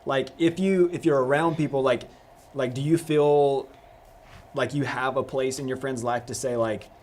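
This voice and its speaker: A man's voice: mid-range voice, steady tone, moderate pace, a little mellow. A young man hosting a live youth discussion, casual and rambling, with many restarts. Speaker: youth pastor host.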